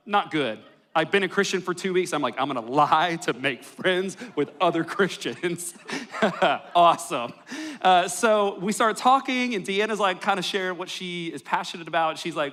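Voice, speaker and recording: An expressive young man with a rather high, slightly bright voice preaches at normal speed in a church worship hall. As pastor, he fills the sermon with personal stories and jokes that poke fun at himself.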